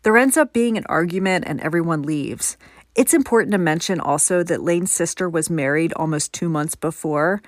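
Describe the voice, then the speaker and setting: A woman with a fairly low voice narrates a podcast story in a chatty, opinionated way. The recording is dry, with almost no room sound. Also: moderate pace, dry recording. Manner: conversational, gives personal opinions. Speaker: podcast host.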